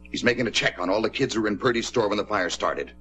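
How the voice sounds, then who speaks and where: A man's voice: fairly low pitch, fast talker, a bit bright, faint music behind, close to an everyday voice. An actor playing a stern working-class father in a 1950s television drama, scolding and commanding his daughter. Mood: angry, scolding.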